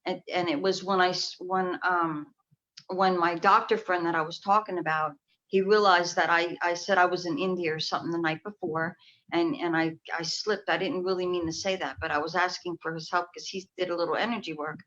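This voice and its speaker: A woman's voice: fairly low pitch, steady tone, brisk, fairly bright tone. A woman from New York, a clairvoyant guest, telling her story in a rambling way that trails off and restarts. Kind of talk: casual interview chat. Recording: dull lo-fi call audio.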